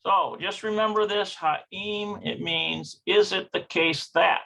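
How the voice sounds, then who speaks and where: A man's voice: sits high, steady tone, slow, gravelly, sharp tone. A man teaching an online Hebrew lesson, thinking aloud with hesitations and stopping to check pronunciations. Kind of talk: slow online language lesson.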